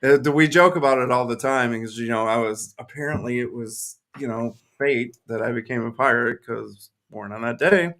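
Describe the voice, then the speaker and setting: A man's voice: mid-range voice, fairly even intonation, normal speed, hardly any pauses, fairly bright tone. A man co-hosting a casual show, laid-back, chiming in with short agreeing replies. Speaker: podcast co-host. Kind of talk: casual chat.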